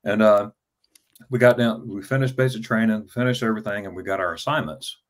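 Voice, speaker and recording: Fifties male, lowish pitch, casual storyteller, stammers and repeats words. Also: brisk. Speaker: travel vlogger telling his story as an interview guest.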